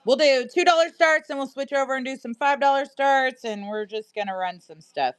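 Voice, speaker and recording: A woman's voice: high voice, a little fast, smooth, no echo. Giggly woman hosting a live sale stream. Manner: giggly and chatty, laughs often, talks to viewers and her pet. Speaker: live-stream seller and host. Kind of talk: casual live-stream chat.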